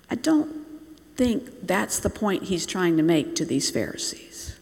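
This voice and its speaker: A preacher who grew up in Bangladesh, telling a sermon as a story, slowing down and dropping to near-whispers to make a point. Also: medium pitch, animated, a bit bright. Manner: storytelling, slows and drops to near-whispers for emphasis. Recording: long reverb in a large hall.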